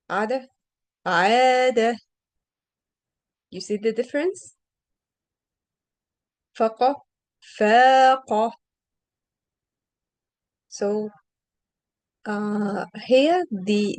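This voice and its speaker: Slow, patient woman reading teacher. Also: medium pitch, darkish tone, no echo, low-quality recording. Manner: patient, questioning, stretches example sounds. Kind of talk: online one-on-one lesson.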